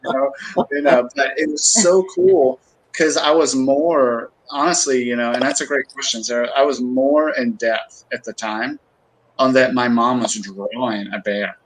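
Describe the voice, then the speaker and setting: A man's voice: mid-range voice, steady tone, measured pace, poor audio. A middle-aged man chatting casually on a livestream, rambling through stories with many fillers and restarts.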